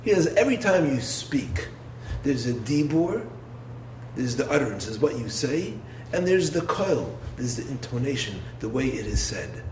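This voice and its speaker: A man, a rabbi, giving a Torah lecture in an expressive way, posing rhetorical questions and swinging from low, quiet phrases to raised ones. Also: moderate pace. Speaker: rabbi and yeshiva head. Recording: roomy echo with faint background noise.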